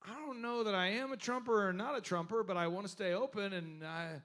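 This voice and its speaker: Animated man talking to a workshop crowd. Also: high-pitched, fairly quick. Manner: animated storytelling, asks the audience questions. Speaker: host. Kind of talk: live workshop talk.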